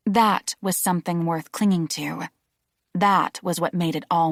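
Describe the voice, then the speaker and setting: A woman reading a novel aloud as an audiobook narrator, steady and measured. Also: on the low side, dry recording, clean studio sound. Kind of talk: scripted narration.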